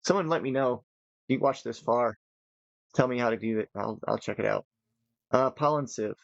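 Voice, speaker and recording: A man's voice: medium pitch, moderate pace, vocal fry, no room sound, lo-fi sound. A tired man giving casual, rambling commentary while playing a modded building game, thinking aloud as he goes. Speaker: gaming channel host.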